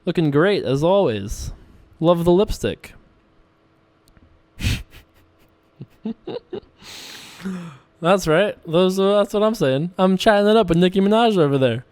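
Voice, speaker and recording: A man's voice: high-pitched, lively intonation, takes it slowly, long pauses, a little mellow. A man casually commentating his own online poker session, joking and laughing often. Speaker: poker streamer.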